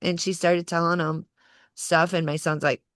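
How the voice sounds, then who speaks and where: A woman in her forties telling a personal story as a podcast guest, animated and acting out the voices of others. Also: on the low side, moderate pace, dry recording, clean studio sound. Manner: animated, acts out quoted voices, laughs through the story. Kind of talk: personal storytelling in casual conversation.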